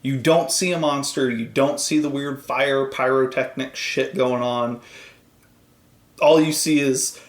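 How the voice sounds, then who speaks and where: A man's voice: medium pitch, fairly even intonation, measured pace. A man co-hosting a podcast in casual chat, rambling and swearing, acting out quoted voices as he tells stories. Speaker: podcast co-host. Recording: roomy echo.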